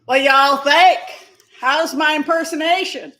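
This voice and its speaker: A woman doing a comic impression of a rowdy female politician, whooping and shouting loudly. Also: sits high, steady tone, measured pace, voice pushed up. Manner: whooping, shouting, giddy and loud.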